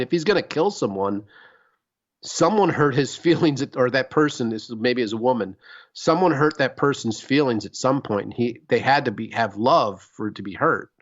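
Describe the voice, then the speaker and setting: A man's voice: mid-range voice, moderate pace, dull audio. Rambling, swearing man on a podcast. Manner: rambling, emphatic, swears freely. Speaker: podcast co-host. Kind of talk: casual chat.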